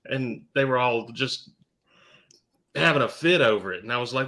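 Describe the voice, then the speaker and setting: A man co-hosting a podcast, chatting casually with a halting, joking manner. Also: medium pitch, bright, forceful tone. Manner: halting, restarts a lot, joking. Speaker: podcast co-host. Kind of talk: casual chat.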